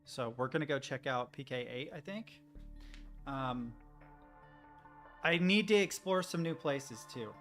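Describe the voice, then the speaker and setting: A man's voice: medium pitch, unhurried, long pauses, fairly bright tone, soft background music. A young American man chatting casually to his stream while he plays a game. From United States. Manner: chatty, rambling, talks to chat. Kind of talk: casual gameplay commentary.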